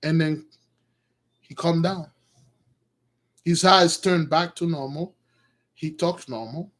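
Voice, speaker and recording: Excitable man retelling scripture. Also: a little high, slow pace. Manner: excitable, slangy, addresses listeners as brothers. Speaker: preacher retelling a Bible story. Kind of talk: animated storytelling with commentary.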